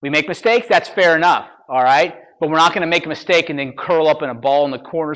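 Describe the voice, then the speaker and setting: Talking fast with barely any pauses, a man with a slightly high, somewhat bright voice coaches real estate agents at a seminar. His motivational talk is punchy and blunt, peppered with "all right?" and "okay?", as he mocks excuses and mimics excuse-makers.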